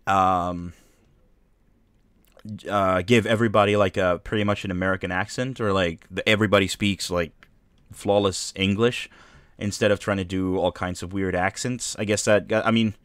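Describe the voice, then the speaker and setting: A man's voice: low voice, steady tone, moderate pace, a bit bright, clear, resonant tone, no room sound. A man streaming a video game, giving casual commentary with rambling, joking asides.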